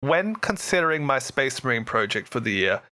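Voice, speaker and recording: A man co-hosting a casual hobby podcast, excitable and jokey, swearing casually. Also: mid-range voice, normal speed. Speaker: podcast co-host.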